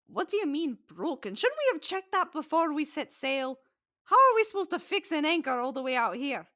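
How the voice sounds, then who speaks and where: A woman voicing a gruff old male ship captain who blusters and makes joking threats. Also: medium pitch, a little slow, a bit bright, no echo, studio quality, close to an everyday voice. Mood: exasperated.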